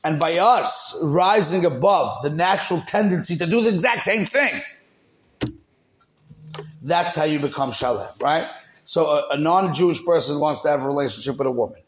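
Man teaching a Torah class. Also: fairly high pitch. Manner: explains with Hebrew terms, checks in with listeners.

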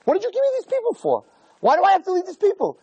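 Brief: an anguished old leader at the end of his rope, put on by a male lecturer, pleading in high, swooping questions. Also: huge pitch swings, fast talker, dark tone, slightly rough, no room sound, heavily acted. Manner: pleading, exasperated rhetorical questions.

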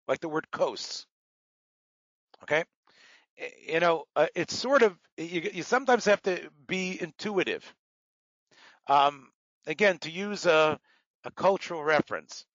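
Man, Talmud teacher, slightly raised pitch, rambling patient explanations, dull dry sound. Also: a bit bright, dry recording. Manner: digressive, explains terms patiently, many fillers. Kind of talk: lecture with asides.

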